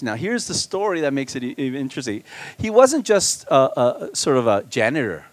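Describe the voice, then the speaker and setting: A man preaching as a guest pastor at a church retreat, animated, swinging between loud emphasis and quiet asides. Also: mid-range voice, fairly quick, dry recording. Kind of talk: sermon.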